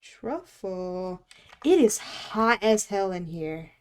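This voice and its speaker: A woman's voice: mid-range voice, a little slow. A woman streaming while she draws. She chats casually, teases herself, swears offhandedly and laughs often. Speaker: art streamer. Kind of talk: casual live-stream chat while drawing.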